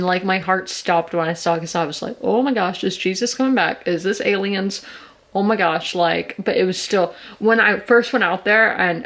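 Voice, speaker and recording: A woman's voice: mid-range voice, creaky. A woman, chatting at home in a rambling, anxious way for a sit-down vlog. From South Carolina. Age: 20s. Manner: rambling, filler-heavy, anxious storytelling. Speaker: vlogger. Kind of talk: casual sit-down vlog chat. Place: indoors, a room in her home.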